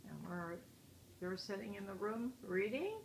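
A woman's voice: medium pitch, a little slow, gravelly, background noise. A woman reading a children's picture book aloud in a chatty way, stopping to point out the pictures. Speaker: storyteller.

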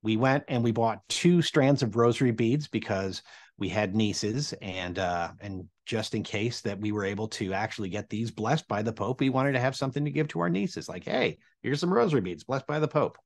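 An American man in his forties telling a personal story to an audience, animated and humorous as he builds suspense. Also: on the low side, moderate pace. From United States.

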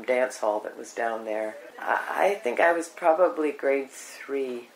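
An older woman from Canada, reminiscing in an interview, rambling along with many pauses. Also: deep voice, slight background noise. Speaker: oral history interviewee. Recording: echoey room.

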